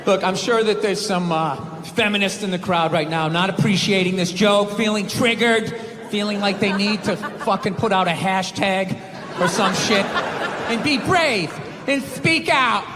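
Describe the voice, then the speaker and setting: High-voiced man shouting in an echoey hall. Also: a little slow. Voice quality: profane, shouty, laughing at his own jokes. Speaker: stand-up comedian. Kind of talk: stand-up comedy set. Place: large venue with live crowd. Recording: echoey live hall with crowd noise.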